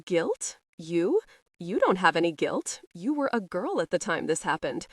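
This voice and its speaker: A woman's voice: fairly low pitch, big pitch swings, unhurried, dry recording, studio quality, far from the mic. A woman voicing a brooding young husband haunted by guilt, who speaks curtly and in anger. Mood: angry. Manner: curt, angry, bitter.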